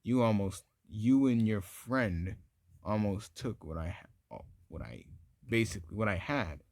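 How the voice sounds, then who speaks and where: A man voicing a ruthless young male ghoul ninja leader who makes slow, measured threats. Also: lowish voice, animated, creaky, a little mellow, no echo, studio quality. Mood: cold.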